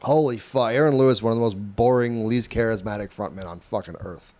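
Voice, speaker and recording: A man's voice: medium pitch, a little fast, darkish tone. Laid-back swearing man, casual chat. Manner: rambling, swears freely, laughs often. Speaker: podcast co-host.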